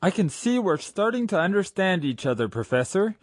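A man voicing a proud, daring submarine captain who speaks calmly, ironically and with command, in an audiobook. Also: high voice, a little slow, no room sound, studio quality. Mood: serene. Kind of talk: audiobook character reading.

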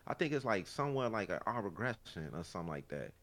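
A man's voice: on the low side, quick pace. A man with a Chicago accent co-hosting a podcast, telling stories in a loose, profane, slang-heavy way. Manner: animated, profane storytelling with slang. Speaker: podcast co-host. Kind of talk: casual chat.

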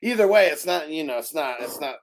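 A man's voice: a little high, lively intonation, brisk. A man hosting a casual fantasy draft show, easygoing, laughing often and reading out chat comments. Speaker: podcast host running a fantasy draft.

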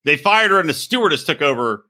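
A man's voice: fairly high pitch, very animated, fast talker, sharp tone. A man in his thirties co-hosting a casual, sarcastic reality TV podcast, swearing freely. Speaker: podcast co-host. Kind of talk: casual comedic chat.

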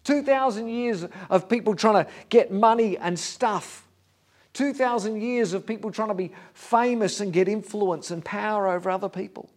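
A male pastor preaching an earnest sermon, dropping to a hush on key lines. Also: high voice. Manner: standing before a congregation.

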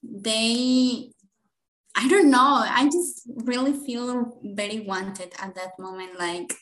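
A woman's voice: a little high, takes it slowly, fairly bright tone. Emotional, rambling woman in an echoey room. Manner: emotional, rambling, laughs often. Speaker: podcast co-host. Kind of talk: casual chat.

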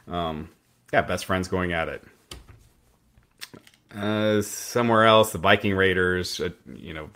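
Male host, deep voice, casual rambling recap. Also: sharp tone. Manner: rambling recap with fillers and restarts. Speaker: podcast host recapping wrestling.

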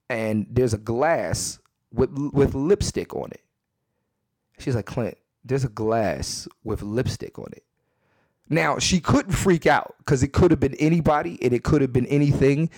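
A man's voice: mid-range voice, no room sound. Profane, dry-miked male comedy podcaster. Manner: profane, animated, repeats himself for emphasis. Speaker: podcast host. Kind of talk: comedic storytelling monologue. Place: his second bedroom at home.

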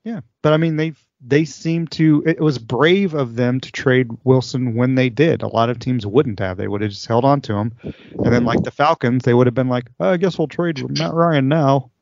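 A man's voice: mid-range voice, normal speed, darkish tone, dry recording, highs cut off. Hedging man in casual sports talk. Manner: hedging, many "I mean" fillers. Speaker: podcast co-host.

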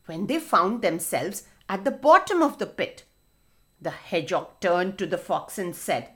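A woman telling a storybook tale to children, expressive and speaking to them directly. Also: fairly low pitch, unhurried.

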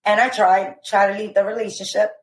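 A woman telling a painful personal story as a podcast guest, emotional and halting, with many fillers. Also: mid-range voice, level tone, reverberant, rough recording.

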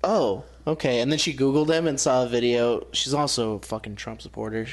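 A man's voice: medium pitch, brisk. A man co-hosting a casual podcast, telling stories and getting worked up. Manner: excitable storyteller, gets worked up. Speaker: podcast co-host. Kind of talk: casual chat.

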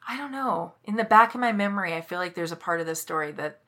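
Female podcast co-host, casual storyteller, bright tone, slightly low register. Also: lively intonation, fast. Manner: chatty storyteller, laughs easily. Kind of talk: casual chat.

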